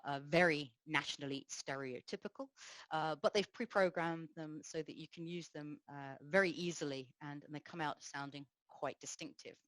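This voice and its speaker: Low-voiced woman giving a tech talk. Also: a bit bright, dry recording, poor audio. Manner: explanatory, measured, frequent fillers. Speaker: conference speaker. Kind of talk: technical conference talk.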